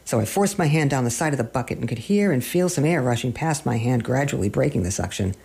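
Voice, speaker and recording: Guy reading a funny yarn, gravelly voice, kinda husky, dry delivery. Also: medium pitch, lively intonation, fast talker, darkish tone. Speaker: storyteller. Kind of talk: scripted narration of a humorous story.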